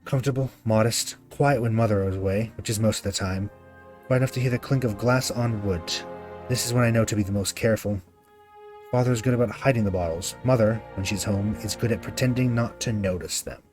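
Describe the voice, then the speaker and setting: A man voicing a troubled young man who quietly and solemnly recalls his painful childhood. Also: on the low side, faint music behind, lightly acted. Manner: quiet, halting, solemn recollection.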